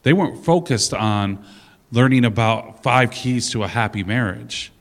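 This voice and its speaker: A man's voice: medium pitch, expressive, unhurried, in a large hall. A man in a casual panel discussion, speaking bluntly and joking now and then.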